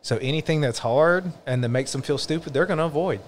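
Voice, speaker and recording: Male podcast host, reflective and earnest, casual chat, faint background noise. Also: on the high side. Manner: reflective, earnest, drawn-out musing.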